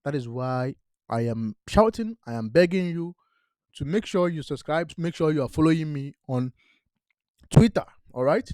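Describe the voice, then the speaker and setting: Crypto guy preaching his strategy, keeps saying all right, bit high voice, dark mellow tone, dry. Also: dry recording. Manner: emphatic, repeats "all right?", non-native grammar. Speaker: crypto channel host. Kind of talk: direct-to-camera investment talk.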